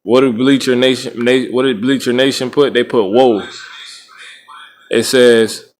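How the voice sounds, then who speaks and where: This podcast host is a man offering casual religious commentary, rambling, restarting phrases, and tacking "right?" onto his lines again and again. He has a mid-range voice with a steady tone and talks fairly quickly over a little hiss or hum.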